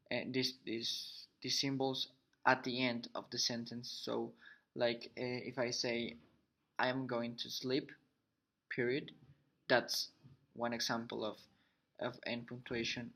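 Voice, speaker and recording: A young man whose first language is Spanish, haltingly summarizing an English punctuation lesson on a video call, with many fillers and restarts. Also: mid-range voice, sharp tone. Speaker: English learner presenting.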